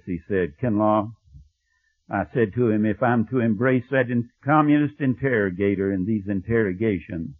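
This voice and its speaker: A man preaching a sermon, telling a story and dropping to a hushed, low voice when he quotes. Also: slightly rough, no room sound. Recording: thin phone-like audio, dry.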